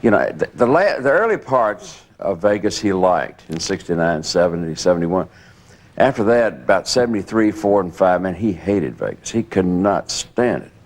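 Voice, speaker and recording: A man's voice: low-pitched, lively intonation, moderate pace. An older man, a former bodyguard, reflecting on the past and chiming in on shared stories. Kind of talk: candid reminiscing interview.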